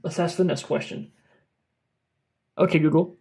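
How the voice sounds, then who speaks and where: A man's voice: fairly high pitch, steady tone, normal speed. A young man hosting a mock product review, gushing with over-dramatic enthusiasm. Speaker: tech YouTuber.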